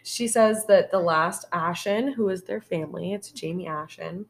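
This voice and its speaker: A woman's voice: lowish voice, moderate pace, vocal fry. A woman co-hosting a podcast, recapping a film in a rambling, casual way, full of "like" and the odd swear word. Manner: rambling storyteller, heavy on "like" and swearing. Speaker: podcast co-host.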